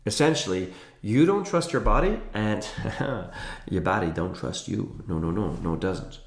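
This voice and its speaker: Male health educator, emphatic and playful, animated delivery, roomy sound. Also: on the low side, a little slow, gravelly. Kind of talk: energetic educational talk to camera. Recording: roomy echo.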